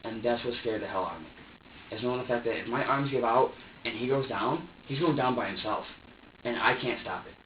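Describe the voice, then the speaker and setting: A man's voice: medium pitch, a little fast, far from the mic. A man recounting events under police questioning, rambling and repeating himself as he acts out his own words. He sits well back from the microphone in a reverberant interrogation room. The recording is dull and muffled, with a faint hiss underneath. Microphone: room surveillance microphone.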